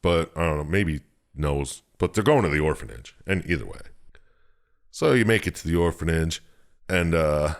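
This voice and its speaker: A podcast co-host with a bass voice speaks at normal speed, casually recapping a video game by loosely retelling its story. He swears freely and laughs often.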